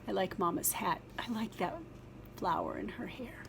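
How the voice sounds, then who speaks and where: A woman reading a children's picture book aloud, with gentle, chatty asides to young listeners. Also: medium pitch, lively intonation, normal speed, creaky, slight background noise.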